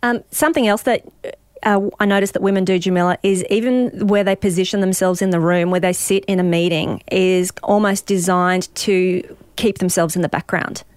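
A woman's voice: mid-range voice, steady tone, moderate pace, clean tone, dry recording. Lady hosting a podcast, conversational, lots of affirmations, dry studio sound. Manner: engaged, conversational, frequent affirmations. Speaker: podcast host. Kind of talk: podcast interview.

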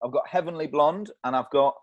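A man's voice: on the high side, a little fast, muffled recording. A man co-hosting a casual podcast, joking and laughing often. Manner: giggly, animated, jokey. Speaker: podcast co-host.

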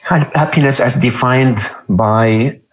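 A man with a non-native English accent, speaking as a podcast guest, earnest and emphatic, often checking in with "okay?" and rising sharply in pitch to stress points. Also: takes it slowly, rough recording. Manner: lively swings in pitch when stressing points. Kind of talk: conversational interview.

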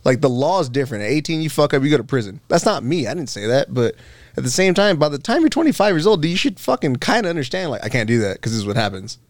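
A man's voice: a little high, sing-song, dry recording, clean studio sound. A man in casual podcast chat, telling stories with lots of swearing. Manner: fast, profane, storytelling.

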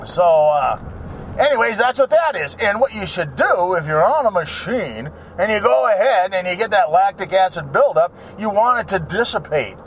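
A man rants in a rambling monologue, swearing freely and slipping into mocking voices of other people. His voice sits fairly high and swings all over the place. Vehicle sounds can be heard behind him. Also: big pitch swings, moderate pace, slight background noise. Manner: ranting, profane, mocks people in put-on voices.

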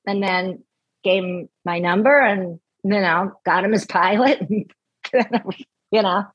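A woman guest telling a long, animated story and acting out the people she quotes. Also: medium pitch, takes it slowly, slightly rough, dry recording, lo-fi sound. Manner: animated, acts out quoted voices. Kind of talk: casual storytelling.

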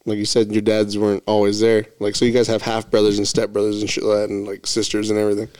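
Young man, quick casual delivery, swears loosely, blunt questions, host. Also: lowish voice, completely flat delivery, a little mellow, clear, resonant tone. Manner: fast, loose, swears freely, asks probing questions. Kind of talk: casual chat.

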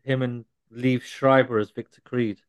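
A man's voice: medium pitch, level tone, a little slow, clean tone. A young adult man co-hosting a podcast, bantering casually and correcting details. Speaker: podcast co-host. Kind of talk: casual chat.

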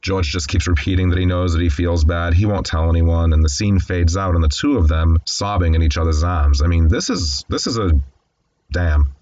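A man's voice: sits low, normal speed, darkish tone, dull audio. A man casually recapping a classic film, candid and conversational with wry asides. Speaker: film commentator.

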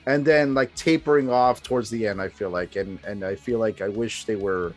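A man's voice: lowish voice, normal speed, soft background music. A man co-hosting a casual podcast who talks hesitantly, with many fillers and restarts. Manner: hesitant, full of fillers and restarts, laughs along. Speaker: podcast co-host.

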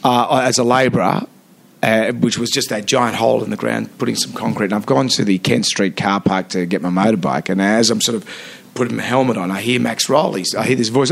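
A man in his fifties with an Australian accent, a radio host chatting as a guest in a podcast studio, telling animated stories with many restarts. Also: lowish voice, brisk, vocal fry. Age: 50s. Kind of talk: casual interview chat.

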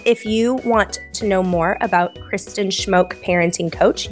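A woman hosts a parenting podcast with a friendly, agreeable manner. She chats casually and speeds up when she tells stories. Faint music plays beneath her voice. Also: medium pitch. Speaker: podcast host. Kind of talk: casual podcast chat and outro.

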